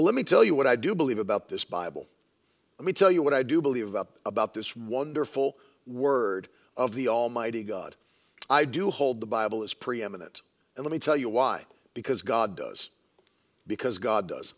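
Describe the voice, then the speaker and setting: A man's voice: mid-range voice, animated, moderate pace. A man preaching a sermon in an emphatic way, repeating lines for stress and mocking the views he argues against.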